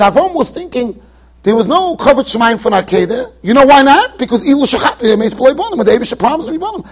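A man's voice: extremely high pitch, very animated, quick pace. A man, a rabbi, giving an emphatic yeshiva Torah lecture, mixing Yiddish and Hebrew terms into his English. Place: yeshiva study hall.

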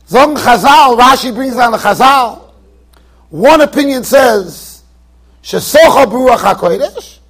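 A man's voice: extremely high pitch, husky. A man teaching a Torah class as a rabbi in a yeshiva, talking emphatically, firing rhetorical questions and repeating himself as he drives a point home. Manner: emphatic, asks rhetorical questions, repeats phrases, stumbles on restarts. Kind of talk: lecture-style Torah class. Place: yeshiva study hall.

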